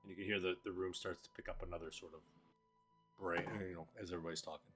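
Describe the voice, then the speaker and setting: A man's voice: sits low, level tone, fast, fairly bright tone, faint music behind. A man narrating a tabletop game as game master, hesitant, with many fillers and restarts.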